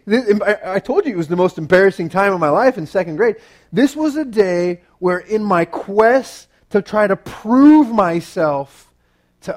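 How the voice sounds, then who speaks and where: A man giving a youth sermon, telling a personal story in an animated way with frequent "right?" asides to the audience. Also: extremely high pitch. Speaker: youth pastor.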